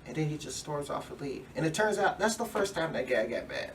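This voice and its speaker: A man's voice: a little high, big pitch swings, quick pace. Laid-back man telling stories, mic far off. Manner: laid-back, rambling anecdotes with acted-out quotes. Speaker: stand-up comedian guest. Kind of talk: casual storytelling chat. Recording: distant mic with faint room noise.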